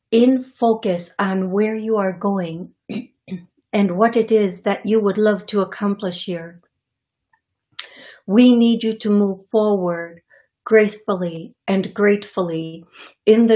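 Ascended spirit beings, slow and solemn with an odd ancient accent, voiced by a woman medium. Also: mid-range voice, darkish tone, natural voice. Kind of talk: channeled spiritual message.

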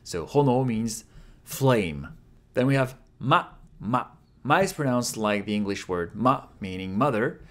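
Man, language teacher, playful scripted lesson, lively rising and falling voice. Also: mid-range voice. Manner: playful, with drawn-out demo pronunciations. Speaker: Japanese teacher.

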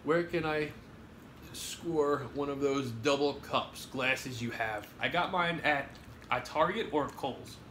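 A man's voice: mid-range voice, slow pace, fairly bright tone, roomy sound, a little hiss or hum. A man hosting a pizza review livestream, joking and swearing as he chats casually at a table indoors. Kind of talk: casual on-stream banter.

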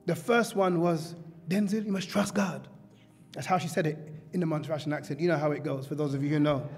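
A man giving a heartfelt, informal funeral tribute to his aunt in a church, with halting restarts. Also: on the high side, darkish tone. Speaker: family member giving a tribute. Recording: long church reverb, faint music.

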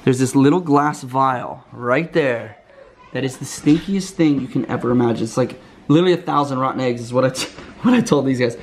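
A man filming a family vlog, excited and laughing as he talks to viewers on a handheld camera at home. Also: mid-range voice, brisk, a little hiss or hum. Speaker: family vlogger.

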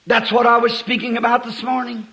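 A man preaching a sermon at a church service, swinging from hushed, folksy talk to sudden impassioned shouts. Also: very high-pitched, flat delivery, a little fast. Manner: folksy, homespun phrasing. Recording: echoey old church sermon recording.

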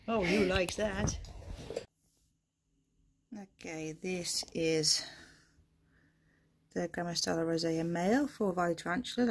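A woman vlogging at home as she tends her pets, coaxing and cooing at them, often in a hushed near-whisper, caught on a camera mic held by a helper. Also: lowish voice, a little hiss or hum. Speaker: pet keeper vlogger. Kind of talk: casual narration to camera.

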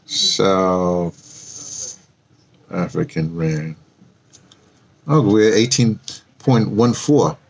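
Low gravelly man rambling casually. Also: a little mellow. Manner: meandering, with many fillers and restarts. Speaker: vlogger.

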